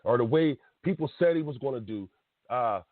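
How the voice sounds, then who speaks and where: A man in his late thirties rants bluntly with a husky voice and a lot of swing in his pitch. The sound is dry and tinny, like it came down a phone line. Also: lively intonation, normal speed, no room sound. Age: 30s. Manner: blunt, heated ranting with laughs and slang. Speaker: podcast host. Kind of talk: casual radio talk.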